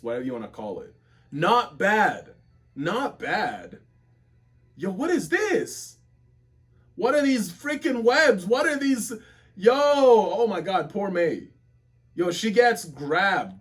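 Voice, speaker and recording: Male webtoon reactor, unhurried but swinging wildly in pitch, constant slangy outbursts. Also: husky. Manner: exclaims constantly, slangy and animated. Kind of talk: excited reaction commentary. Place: home office.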